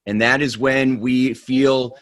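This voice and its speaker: A man speaking on a webinar, telling a story in an animated way. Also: mid-range voice, slow, no echo. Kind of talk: storytelling talk.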